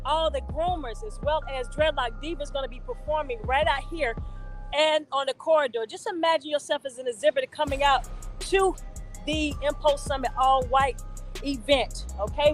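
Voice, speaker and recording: A woman leading a live walking tour through indoor hotel hallways, talking into a phone she holds as she walks. She is energetic and hyped, and she repeats words for emphasis. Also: sits high. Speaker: event organizer giving a tour. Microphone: phone held while walking. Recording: tinny phone-mic audio with faint music.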